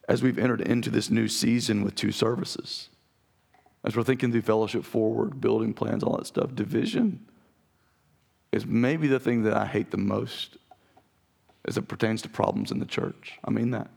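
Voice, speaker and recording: A man preaching a sermon as pastor, with a raspy voice, earnest and direct with his congregation. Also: on the low side, normal speed, darkish tone. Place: church sanctuary.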